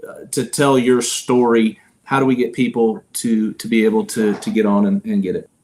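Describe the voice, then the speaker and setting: A man's voice: lowish voice, little pitch movement, normal speed, darkish tone, slight background noise. A man hosting an interview show, asking questions in a casual, friendly way. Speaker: podcast host.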